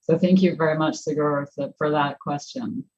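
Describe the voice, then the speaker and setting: A woman's voice: deep voice, steady tone, moderate pace, darkish tone, lo-fi sound. A woman professor answering audience questions at a conference, thinking aloud and often restarting her sentences. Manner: thoughtful, with frequent restarts.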